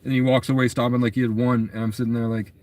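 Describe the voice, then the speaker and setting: A young man talks in a loose, rambling monologue at a mid-range pitch. His telling is agitated and keeps running on from one thought to the next. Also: flat delivery, rapid-fire, a little mellow, a little hiss or hum. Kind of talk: casual storytelling monologue.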